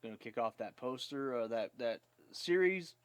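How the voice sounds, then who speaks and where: A man's voice: medium pitch, expressive, normal speed, clean tone, dry recording. A man hosting a casual live stream, chatting in a rambling way with lots of fillers.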